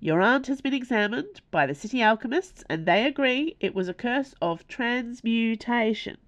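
A woman reading aloud voices a gruff, sheepish police sergeant who talks in plain colloquial phrases. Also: a little high, expressive, moderate pace, no room sound, dull audio, pitched above the performer's own voice, close to an everyday voice. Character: gruff, sheepish, bashful working-class police sergeant, man. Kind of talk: audiobook character voice.

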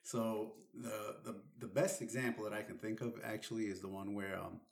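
A man's voice: on the low side, little pitch movement, normal speed, gravelly. Man, casual co-host, dry teasing humor. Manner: dry teasing, laughs often. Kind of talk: casual chat.

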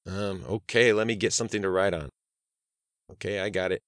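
A man voicing a raspy-voiced male advertising worker taking an order on the phone, with a deep, dry voice. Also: fairly even intonation, fairly quick, no echo, close to an everyday voice. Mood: flustered.

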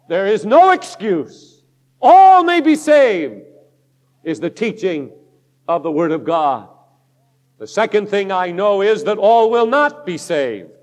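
Preacher guy, high voice, hammering his points hard, long church echo behind. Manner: emphatic, declaiming preacher. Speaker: pastor. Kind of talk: sermon.

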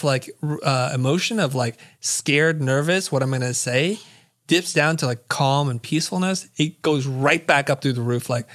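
A middle-aged man, a guest in an interview, telling a story in an animated way and acting out the lines of the people in it. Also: on the high side, normal speed. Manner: vivid storyteller who acts out quoted dialogue.

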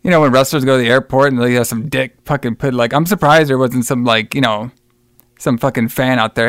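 A man's voice: mid-range voice, fairly quick, no room sound, clean studio sound. A man co-hosting a podcast, rambling through a film plot with lots of swearing and mock voices for the characters. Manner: profane, rambling retelling with mocking quoted voices. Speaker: podcast co-host. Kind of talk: casual film review chat.

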